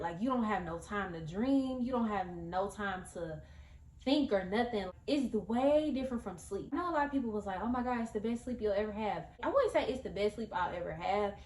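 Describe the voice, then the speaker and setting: A woman's voice: mid-range voice, a little mellow, reverberant. A woman telling a story in a casual vlog, chatty and rambling, talking straight to her viewers. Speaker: vlogger.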